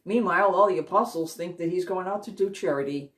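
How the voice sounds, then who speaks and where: A woman with a lowish voice tells a scripture story as a devotional talk, earnest and deliberate, drawing out the key moments. She sits a little back from the microphone, so the sound is slightly distant. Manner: earnest retelling, slows for emphasis. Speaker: Christian speaker.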